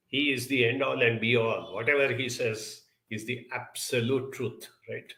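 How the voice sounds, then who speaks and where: A middle-aged man talks earnestly to his listeners, with a bright, forceful voice. He tells his story and draws a lesson from it. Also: mid-range voice, vocal fry. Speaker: speaker. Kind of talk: reflective talk with a personal story.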